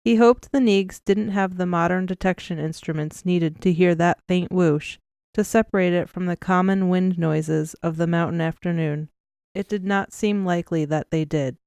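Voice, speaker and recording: Woman reading an audiobook, smooth clear voice, steady, dry close recording. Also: fairly low pitch, dry recording. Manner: even, measured storytelling. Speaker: audiobook narrator. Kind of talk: scripted narration.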